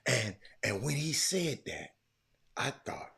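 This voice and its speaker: Husky-voiced man in animated sports commentary. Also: medium pitch, takes it slowly. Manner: animated storytelling, loud bursts when quoting others. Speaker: podcast host. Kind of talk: casual commentary.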